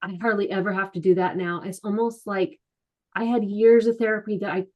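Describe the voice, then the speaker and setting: A middle-aged woman, a guest author, telling her personal story candidly in an interview, soft-spoken and halting, often acting out what others said. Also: mid-range voice, steady tone, highs cut off. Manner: soft-spoken, halting, many restarts and quoted asides. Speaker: guest, author and mental health advocate.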